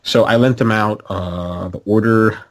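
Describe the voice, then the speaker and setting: Low-voiced easygoing podcast co-host. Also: male voice, fairly even intonation, measured pace. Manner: easygoing storyteller, chuckles while telling anecdotes. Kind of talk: casual chat.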